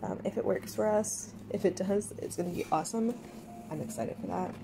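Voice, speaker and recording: A middle-aged woman chatting casually through a home cooking demo, upbeat and thinking out loud with fillers. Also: medium pitch, a little fast, creaky, background noise. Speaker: home cook vlogger. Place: home kitchen.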